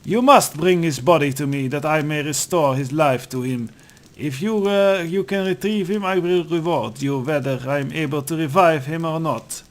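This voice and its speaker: A man voicing a proud older high priest who speaks solemnly and formally, with a rasp in his voice. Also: moderate pace, close to an everyday voice.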